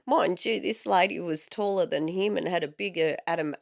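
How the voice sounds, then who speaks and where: A woman with a hoarse voice from a cold, co-hosting a podcast in a chatty, teasing, storytelling way. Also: fairly low pitch, dry recording, clean studio sound. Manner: chatty, storytelling, quick to tease. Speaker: podcast co-host. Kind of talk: casual chat.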